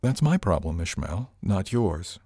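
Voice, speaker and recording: A man's voice: sits low, big pitch swings, measured pace, a little mellow, no room sound, clean studio sound, heavily acted. A man voicing a shrewd, wry older woman captain who speaks matter-of-factly, in an audiobook.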